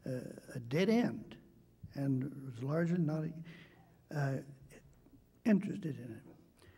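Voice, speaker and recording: An older man giving a debate speech, telling a childhood story in a measured, hesitant way with frequent pauses. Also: on the high side, creaky, dark tone, husky, big-room sound.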